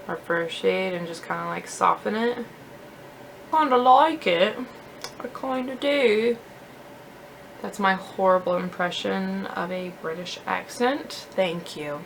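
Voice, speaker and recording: A woman's voice: lowish voice, gravelly, noisy background. A young woman chatting casually as a beauty vlogger while she does her makeup, self-deprecating and full of "like".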